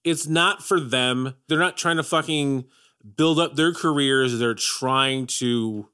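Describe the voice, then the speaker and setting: A man's voice: mid-range voice, takes it slowly, pushed and bright, smooth. A man co-hosting a podcast, talking about movies with emphasis and swearing. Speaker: podcast co-host. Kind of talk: casual film chat.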